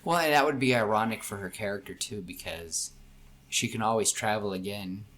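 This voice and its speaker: Young male podcast co-host, bright tone, rambly pitch with acted-out lines. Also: normal speed. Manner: rambling, acts out characters' lines while pitching a story. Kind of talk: casual brainstorming chat.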